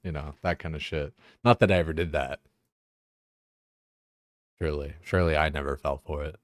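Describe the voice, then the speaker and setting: A young man rambling through a casual stream chat, dropping curse words and fillers constantly. His voice is deep and low, recorded close and dry. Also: steady tone, normal speed, dry recording. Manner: rambling, profane, full of fillers like "like" and "you know".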